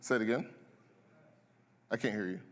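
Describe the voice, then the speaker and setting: A man's voice: lowish voice, normal speed. A male pastor preaching a sermon in a conversational way, asking the congregation questions and waiting for their answers. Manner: conversational, asks the congregation questions and waits for replies. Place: church auditorium. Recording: long reverb of a large hall.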